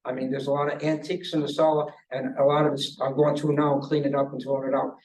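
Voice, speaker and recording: An older man giving rambling public comment at a hearing, full of anecdotes and halting restarts. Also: medium pitch, level tone, darkish tone, distant mic, poor audio. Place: government conference room.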